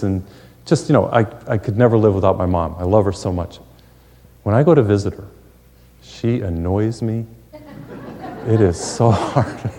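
A man's voice: lowish voice, warm tone. A middle-aged man preaching a sermon, telling folksy stories with humorous asides. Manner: folksy storytelling with jokes and asides. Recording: long hall reverb.

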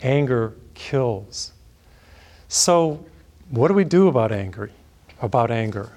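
A man's voice: mid-range voice, very animated, moderate pace, a little mellow. A middle-aged male priest preaching a sermon as a conversational story, chuckling now and then.

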